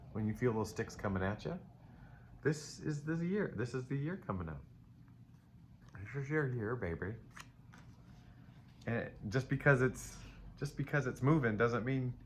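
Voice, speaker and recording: A man's voice: medium pitch, fairly bright tone. A middle-aged man giving a casual live tarot reading to viewers, rambling and playful, calling them baby. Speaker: tarot reader. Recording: faint ambient noise.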